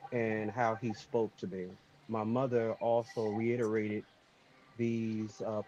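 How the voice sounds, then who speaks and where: A man joining a panel by video call, speaking in a measured, reflective way. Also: fairly low pitch, a little mellow. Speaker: panel guest. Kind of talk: panel conversation. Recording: dull lo-fi call audio.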